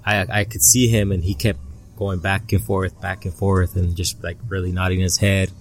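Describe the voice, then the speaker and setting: Low-voiced man telling a halting story. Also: little pitch movement, soft background music. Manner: halting, repeats words as he recounts. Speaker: interview guest. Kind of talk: casual storytelling. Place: outdoors at a family barbecue.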